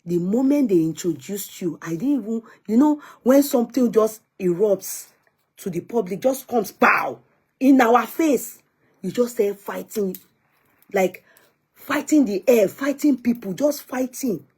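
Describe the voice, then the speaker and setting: A woman's voice: fairly high pitch, expressive, a little slow, dark tone, slightly rough. A young woman with a Nigerian accent giving earnest, pleading commentary in a vlog, often repeating herself as she talks. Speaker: vlogger.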